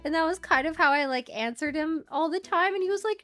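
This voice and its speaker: A young woman streamer with a high, bright voice rambles through a story on stream. She giggles often and keeps circling back to her point. Faint music plays behind her. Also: a little fast, few pauses.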